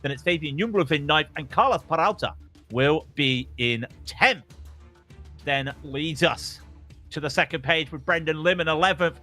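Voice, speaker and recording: Bright-voiced male race commentator. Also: on the high side, moderate pace, soft background music. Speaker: lead commentator. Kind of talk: sim racing commentary.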